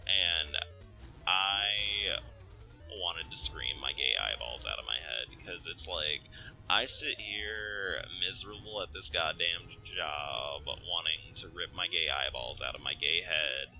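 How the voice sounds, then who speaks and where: A young man with a low, gravelly voice rants through casual gameplay commentary, swearing freely. His tone is sharp and forceful. Faint game music plays underneath. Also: poor audio. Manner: profane, ranting venting. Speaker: let's play host.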